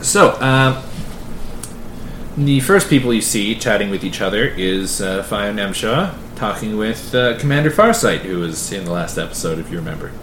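A male game master narrating a tabletop game with lively, swinging pitch and easy laughter. He pauses on fillers as he describes scenes. His voice is roomy, with clear background noise behind it. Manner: animated, laughs often, many fillers.

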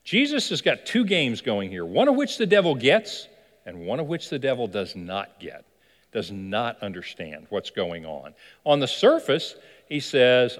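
A man's voice: mid-range voice, sing-song, a little slow. A man preaching a sermon as pastor, telling a story animatedly and asking the listeners questions. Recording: long hall reverb.

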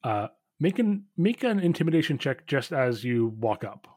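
A man running a tabletop role-playing game as game master, relaxed and quick to laugh. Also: medium pitch, no room sound, studio quality.

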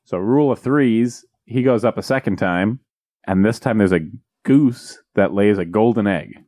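A man casually retelling a fairy tale with jokes, rambling and slipping into quick character voices. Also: fairly low pitch, dark tone, no room sound, studio quality. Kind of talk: casual comedic chat.

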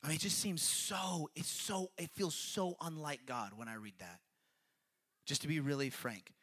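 A man's voice: on the high side, normal speed, a bit bright. A man giving a casual, conversational sermon, reading scripture aloud and explaining it in an earnest, chatty way that keeps checking in with his listeners. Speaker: preacher.

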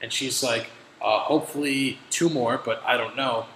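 A man hosting a casual podcast, telling stories in animated, profane rants with an exasperated edge. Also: medium pitch, normal speed. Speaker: podcast host. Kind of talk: casual chat, storytelling. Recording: echoey room with faint noise.

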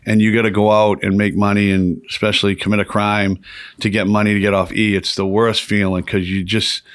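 A fairly low-voiced man, telling a rambling, profane story in casual talk. The recording is dry and close, with little room sound. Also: flat delivery, fairly quick, no echo. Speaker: podcast guest.

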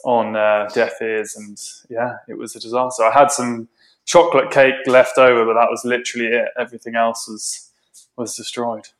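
A man chats as a podcast guest, telling his story with animated, emotional energy. His voice sits at an ordinary middle pitch and stays casual throughout. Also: moderate pace, roomy sound. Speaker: guest baker.

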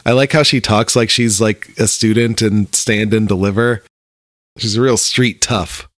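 A laid-back man with a fairly low voice chats casually about a show, laughing often and dropping swear words. The sound is dry and close, with no room around it. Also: fairly even intonation, unhurried, fairly bright tone, no room sound. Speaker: podcast co-host. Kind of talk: casual chat.

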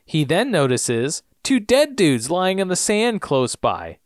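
A man's voice: on the high side, slow pace, no echo, clean studio sound. A man co-hosting a podcast, retelling a TV episode in casual chat and acting out the lines in funny voices. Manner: lively storytelling, acts out lines in funny voices. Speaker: podcast co-host.

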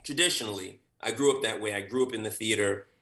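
A man, an actor, telling an animated story about an audition and acting out the people in it. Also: on the low side, fast, echoey room. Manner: animated, acts out quotes with big voice swings.

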